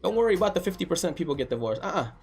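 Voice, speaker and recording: A man's voice: high voice, racing, vocal fry, husky. A married man hosting a casual stream, chatting and reading viewer messages aloud as he tells stories. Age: adult, married. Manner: animated storyteller, reads chat messages aloud. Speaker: stream host reading chat. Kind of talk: casual chat.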